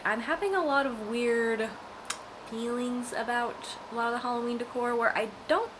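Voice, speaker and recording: A woman's voice: high voice, a bit bright, slight background noise, poor audio. A woman vlogger speaks in a slightly raised register, loose and rambly, joking with her viewers. She sounds tired but keeps things playful as she talks at home, with faint room ambience behind her. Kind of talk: casual vlog chat.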